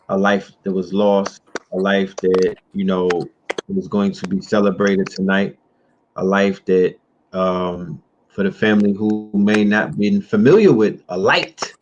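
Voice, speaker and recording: A male host with a lowish voice who stretches out his words and leans hard on key phrases, unhurried. The audio is dull and muffled, with a faint hiss underneath. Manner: slow, drawn-out, emphatic delivery. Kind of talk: livestream talk show.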